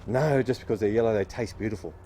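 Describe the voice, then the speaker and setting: A nurseryman with a lowish, warm, slightly rough voice explains, fast but patient and cheerful, how to dig a garden bed and plant tomatoes. He stays upbeat as he digs and plants.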